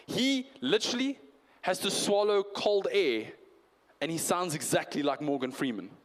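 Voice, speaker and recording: A man's voice: high voice, long reverb tail. A man preaching a conversational New Year's Eve sermon, asking his congregation questions. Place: church hall.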